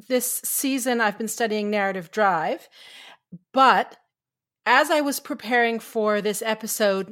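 A woman's voice: a little high, a bit bright. A woman co-hosting a writing podcast, explaining her prepared segment in an organized, enthusiastic way. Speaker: podcast co-host.

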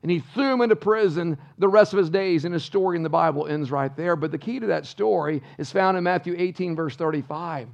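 A man's voice: a little high, brisk, creaky, hardly any pauses. A male pastor preaching a sermon in church, emphatic and full of rhetorical questions to the congregation. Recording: dull lo-fi sound.

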